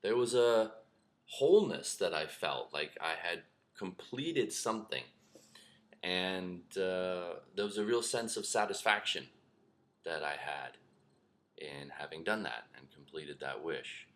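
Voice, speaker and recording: A middle-aged man telling a personal story to camera as a spiritual teacher, animated, acting out shouts and whispers. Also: deep voice, unhurried. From lives in New York.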